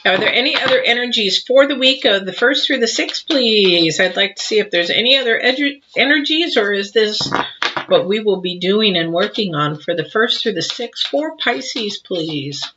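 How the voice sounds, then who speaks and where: A woman's voice: mid-range voice, expressive, moderate pace, dull audio, noisy background. A woman doing a live tarot reading, chatty and rambling, with lots of fillers and her mouth still full of cookie dough. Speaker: tarot reader.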